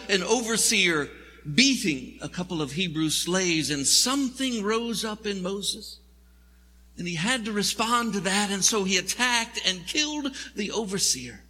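Pastor, male, high and very bright, husky, wry storyteller, long church reverb. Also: animated, measured pace, a little hiss or hum. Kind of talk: sermon.

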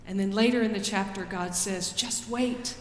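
A woman pastor preaching a sermon in a slow, deliberate way, rising for quoted pleas and dropping soft after them. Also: mid-range voice, a little hiss or hum. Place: church sanctuary. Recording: roomy church with long reverb.

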